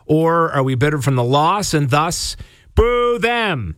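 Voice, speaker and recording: High-voiced chatty male rock radio host. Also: takes it slowly, clean tone, no room sound. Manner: energetic, chatty, asks listeners questions. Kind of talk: drive-time rock radio talk. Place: radio studio.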